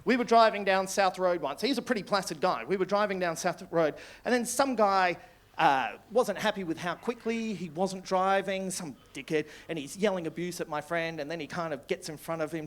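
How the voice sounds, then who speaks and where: A man's voice: sits high, animated, normal speed. A man with an Australian accent doing live stand-up, rambling through stories and tagging lines with "right?". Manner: rambling storytelling with many "right?" tags and laughs. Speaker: stand-up comedian. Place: small comedy club with live audience.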